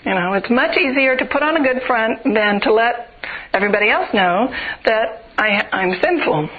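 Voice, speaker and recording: A woman's voice: a little high, expressive, normal speed. A woman preaching a sermon, earnest and building through rhythmic repeated phrases. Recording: tinny phone-like radio broadcast.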